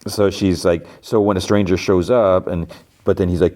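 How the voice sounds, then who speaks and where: Deep-voiced man rambling through a recap. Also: fairly even intonation, quick pace, warm tone. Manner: rambling, filler-heavy retelling. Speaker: podcast host. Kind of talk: casual TV episode recap.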